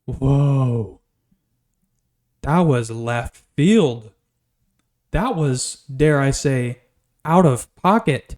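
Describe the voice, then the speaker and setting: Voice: mid-range voice, very slow. A YouTube reviewer rambling sarcastically through a movie recap and acting out lines from the film. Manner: sarcastic, rambling, animated recap with acted quotes. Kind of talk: casual movie recap vlog. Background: faint background music.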